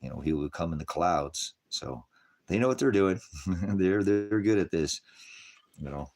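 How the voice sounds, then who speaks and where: Very deep-voiced rambling male preacher. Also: animated, measured pace, a little mellow. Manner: rambling, chuckling, mocking put-on voices. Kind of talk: casual livestream preaching.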